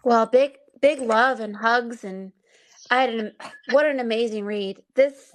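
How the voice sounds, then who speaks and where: A woman's voice: on the high side, unhurried. A woman who gives spiritual readings, talking in a casual livestream chat in an affectionate, loose and chatty way. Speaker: psychic reader and guest.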